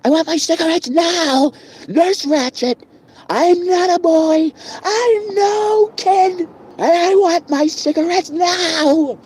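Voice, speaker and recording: A shrill, whiny indignant patient. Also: male voice, slow pace, darkish tone, slight background noise. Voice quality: shrill, strained high voice. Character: whiny, agitated grown man demanding his cigarettes.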